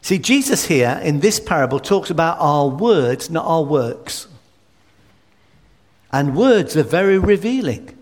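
A man's voice: a little high, sing-song, unhurried. A man preaching a sermon, emphatic and full of rhetorical questions. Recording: reverberant hall.

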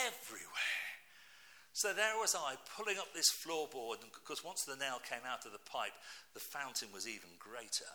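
A middle-aged British man preaching a sermon, telling personal stories and asking his listeners rhetorical questions. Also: mid-range voice. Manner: lively storytelling, asks the congregation rhetorical questions.

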